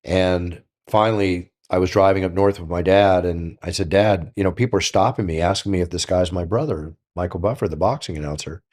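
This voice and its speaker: An older man telling stories on a podcast in a casual, animated way, acting out the dialogue. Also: deep voice, brisk, few pauses. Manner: animated, acts out quoted dialogue. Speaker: guest storyteller.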